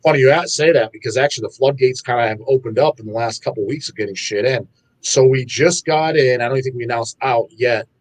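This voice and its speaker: A man guesting on a podcast from a record label, chatting casually in an animated, profane way and acting out his own reactions. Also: mid-range voice. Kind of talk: casual chat.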